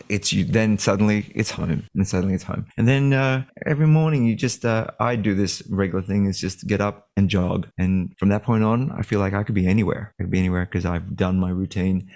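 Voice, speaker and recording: A man with a low, gravelly voice chats as a podcast guest. He sounds relaxed and laughs easily. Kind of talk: casual podcast chat.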